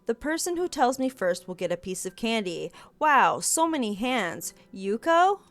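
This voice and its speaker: A woman voicing a stern, pompous male schoolteacher who scolds in a prim, formal way over soft game music. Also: on the high side, sing-song, unhurried. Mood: scolding.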